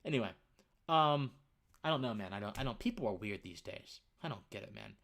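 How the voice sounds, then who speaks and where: This livestream host, a young man, has a fairly low voice with vocal fry and talks fairly quickly. His casual opinion stream is lively and conversational; he rambles, trips over words, restarts sentences, and frequently says "man."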